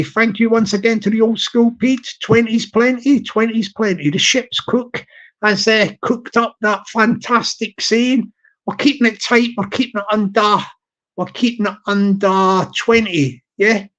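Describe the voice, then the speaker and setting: A man's voice: extremely high pitch, fairly bright tone, highs cut off. A man hosting a live stream, rambling in casual chat, repeating himself with an upbeat, ship-captain pep talk.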